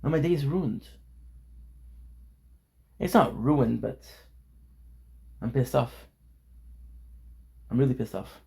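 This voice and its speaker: A man with a gravelly, low-fry voice vents casually to his camera. His talk is frustrated and full of swearing, and he circles back over the same words again and again. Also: lively intonation, slow pace, pauses often, darkish tone, rough recording. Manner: frustrated, swearing, repeats himself. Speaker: vlogger. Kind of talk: casual venting vlog.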